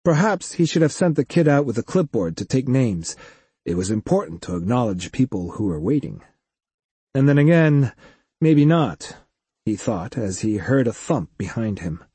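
A man narrating an audiobook story in an expressive storytelling manner, recorded close on a dry studio mic. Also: medium pitch, normal speed, breathy edge, no echo. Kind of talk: scripted narration.

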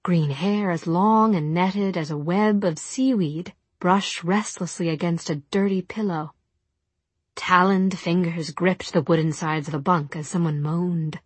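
A woman narrating an audiobook in a soft, measured storytelling manner. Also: on the low side, slightly rough, dry recording. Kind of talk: audiobook reading.

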